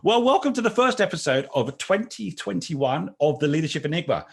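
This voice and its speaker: A man's voice: high voice, big pitch swings, moderate pace, gravelly, husky. A man hosting a podcast, welcoming his guest with chatty, teasing banter. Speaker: podcast host. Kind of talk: conversational interview.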